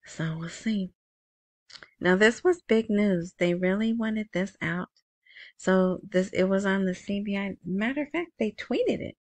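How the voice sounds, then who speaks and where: A woman with a lowish voice hosts a currency news show, and there's no room sound. In a chatty way, she reads the headlines aloud and then tosses in asides, offering casual commentary on the news articles.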